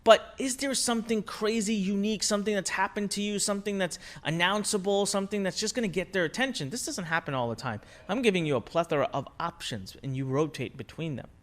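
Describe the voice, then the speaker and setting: A man teaching a recorded course lesson on marketing, talking in an energetic, conversational way, stressing his points and asking rhetorical questions. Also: high voice, quick pace, few pauses. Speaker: online marketing instructor.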